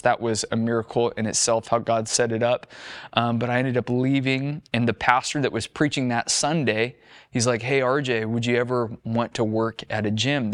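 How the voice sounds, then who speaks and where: A young former firefighter shares his faith testimony earnestly, in a conversational storytelling style, acting out what he and others said and using "like" a lot. His mid-range voice has a fairly bright tone, captured dry with studio quality.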